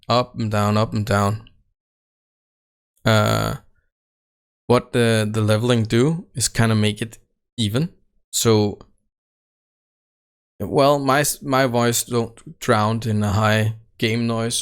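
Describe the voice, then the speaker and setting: In a laid-back walkthrough of his recording setup, a tech channel host speaks in a smooth, low-leaning voice with fairly even intonation. He halts frequently, with many fillers and self-corrections, talking close into a desk microphone in an untreated home room.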